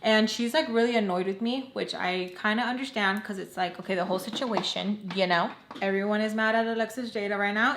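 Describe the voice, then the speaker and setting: A young woman telling a personal story to her viewers in a loose, chatty way, full of "like" and quick quoted lines from others. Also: mid-range voice, fairly even intonation, fairly bright tone. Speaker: storytime vlogger. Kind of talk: casual storytelling. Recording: echoey room.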